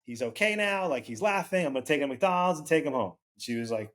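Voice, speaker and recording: A man's voice: fairly high pitch, lively intonation, fast talker, hardly any pauses, a bit bright. A man in his forties, a podcast guest telling a long personal story in a casual, rambling way, full of "like" fillers and acted-out quoted voices.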